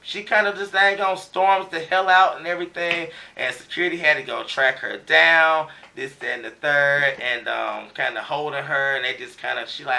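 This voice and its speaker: A man's voice: mid-range voice, moderate pace, vocal fry, hardly any pauses, sharp tone, distant mic. A man giving a casual recap of a TV episode, talking loosely with slang and lots of fillers. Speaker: TV show recap reviewer.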